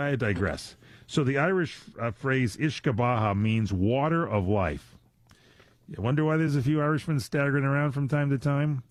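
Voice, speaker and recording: A man's voice: medium pitch, dry recording. A man hosting a live radio show in a studio, chatting casually with jokes and rambling digressions. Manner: jokey, rambling, drifts into digressions. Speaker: radio host. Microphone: studio microphone.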